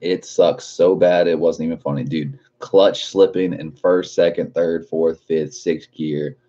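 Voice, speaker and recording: A young man in his late twenties with a very low voice talks through a livestream, reading chat and cursing freely in a relaxed way. The audio is dull and lo-fi. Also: a little slow. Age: 20s. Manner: laid-back, swears a lot, laughs often.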